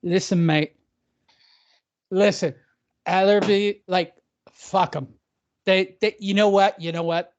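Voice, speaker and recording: A man's voice: very high-pitched, huge pitch swings, fairly quick, fairly bright tone, highs cut off, pitched above the performer's own voice, full character voice. A man voicing a brash, boastful English boxing promoter who keeps repeating himself. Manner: cocky, repetitive "listen, mate" bluster.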